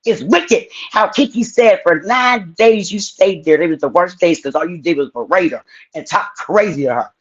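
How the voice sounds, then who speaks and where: Woman, angry, profane, confrontational, husky, muffled lo-fi audio. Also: on the low side, normal speed. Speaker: live-stream panelist. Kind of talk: heated live-stream confrontation.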